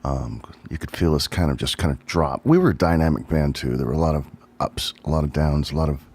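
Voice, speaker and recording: Low male voice, middle-aged drummer, rambling livestream talk, fond and unhurried. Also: lively intonation, darkish tone, slightly rough. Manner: rambling, reminiscent, thinks aloud with many ums. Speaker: drummer looking back on his old band. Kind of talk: casual solo livestream talk.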